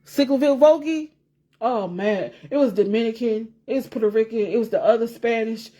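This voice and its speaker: A woman vlogger with a somewhat high voice talks straight to her viewers in a loose, casual chat. She rambles, circles back to repeat herself, swears freely and laughs as she talks. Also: normal speed, dark tone.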